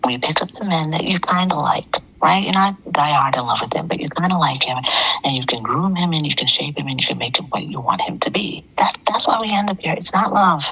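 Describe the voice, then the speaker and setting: A woman's voice: low-pitched, expressive, brisk, vocal fry, pushed and bright, slightly rough, muffled recording. A middle-aged woman calling in to a talk show, telling a personal story in an emphatic way and repeating phrases for effect. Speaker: caller.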